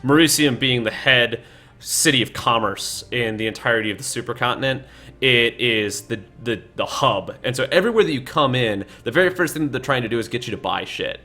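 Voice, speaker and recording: A man's voice: mid-range voice, expressive, brisk, sharp tone. A man running a tabletop game as dungeon master, narrating casually with lots of fillers and offhand swearing. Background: faint game soundtrack.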